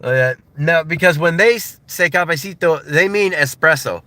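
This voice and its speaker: A man's voice: fairly high pitch, moderate pace, bright, forceful tone, dry recording. An American man in his thirties chatting casually on a live stream, rambling with lots of fillers and laughing as he mimics other voices. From United States. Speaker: livestreamer. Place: in a car.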